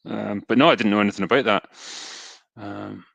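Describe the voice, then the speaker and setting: Scottish male streamer, bright dry close-mic voice, laid-back chat full of ums. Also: fairly low pitch, moderate pace, gravelly, no echo, muffled recording. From Scotland. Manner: relaxed, chatty, frequent ums and asides. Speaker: livestream host reading donations. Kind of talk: casual live stream chat.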